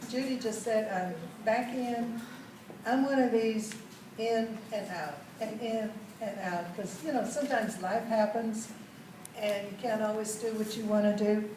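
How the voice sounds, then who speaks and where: A woman's voice: fairly high pitch, fairly even intonation, measured pace, mellow, a little hiss or hum. A woman, telling a group a folksy story about her life and asking the audience questions. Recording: echoey room, mic far off.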